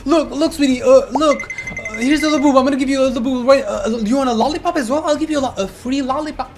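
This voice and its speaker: A creator voicing a panicked young female shop cashier who pleads fast and frantically. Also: high-pitched, over music, voice pushed up. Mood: frantic pleading.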